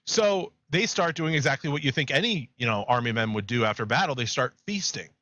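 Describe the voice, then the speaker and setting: Man, podcast co-host, rambling animated storyteller; crisp bright tone, dry room. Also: mid-range voice, a little fast, dry recording. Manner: rambling, animated retelling with laughs. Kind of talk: casual chat, storytelling.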